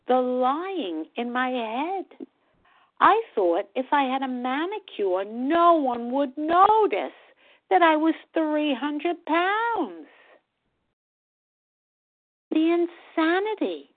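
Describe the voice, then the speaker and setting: A middle-aged woman with a high voice gives personal testimony about her recovery at a support meeting. She speaks slowly and earnestly, halting with pauses and restarts, heard over a tinny phone line.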